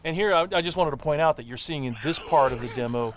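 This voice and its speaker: A man, a game developer, explaining a gameplay demo with quick talk and many fillers. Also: a little high, noisy background. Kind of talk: demo walkthrough commentary.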